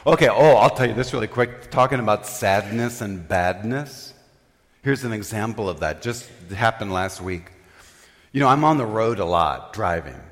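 A man's voice: on the low side, expressive, moderate pace. An older man preaching in a humorous, self-mocking storytelling way, often laughing. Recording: reverberant hall.

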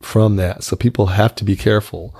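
A man's voice: on the low side, steady tone, brisk, mellow, husky, no echo, studio quality. A man in his fifties talking frankly and earnestly in a casual conversation, often repeating words as he starts a thought.

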